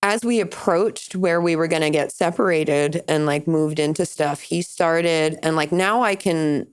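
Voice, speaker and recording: A young woman hosting a podcast, telling candid stories in casual chat and jumping high in pitch when she quotes people. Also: a little slow, clear, resonant tone. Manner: candid, rambling storytelling with big pitch jumps for quoted voices. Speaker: podcast host.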